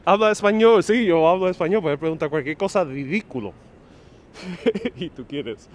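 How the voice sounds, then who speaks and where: A man's voice: high voice, fairly quick. A man hosting a joking live stream as he walks outdoors on a city street, talking in a sarcastic, playful way into a wireless lapel mic. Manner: sarcastic, playful, laughs often.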